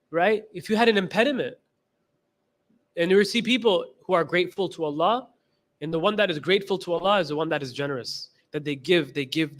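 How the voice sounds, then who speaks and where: A man with a high-pitched voice teaches a class as a religious instructor. He drives his points home by repeating key phrases. He acts out the stories he tells with quoted back-and-forth. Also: a bit bright. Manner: retells stories with quoted dialogue. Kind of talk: class lecture.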